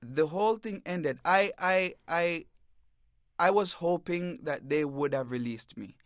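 A man, a reporter, giving an interview and telling what happened to him in a halting way, stammering and repeating words. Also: fairly high pitch, no room sound, studio quality. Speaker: newspaper reporter, interview guest. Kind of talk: emotional first-person account. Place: radio bureau studio.

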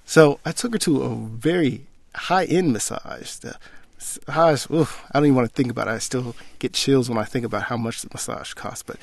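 Young man, gravelly mid-pitched voice, animated casual storyteller, dry close sound. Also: moderate pace, dry recording. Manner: animated, acts out quoted dialogue. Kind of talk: casual personal anecdote.

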